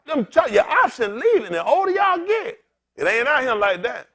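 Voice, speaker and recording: A very high voice at a moderate pace belongs to a bald, older pastor. His sermon is conversational and funny, and he's animated, joking with the congregation and addressing them directly.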